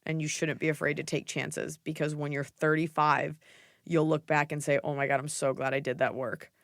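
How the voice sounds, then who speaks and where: A middle-aged woman hosting a podcast, giving blunt, jokey advice in a casual, animated way. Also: low voice, normal speed, dry recording, clean studio sound. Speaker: podcast host.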